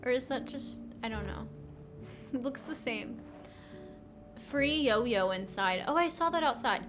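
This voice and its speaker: A woman's voice: on the high side, expressive, slow pace, over music. A woman streaming a game, reading its text aloud with wry asides and the occasional whisper.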